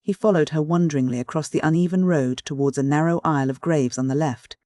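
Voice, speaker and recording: An audiobook narrator reading a Victorian short story in a measured, literary way. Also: medium pitch, warm tone, no room sound, studio quality.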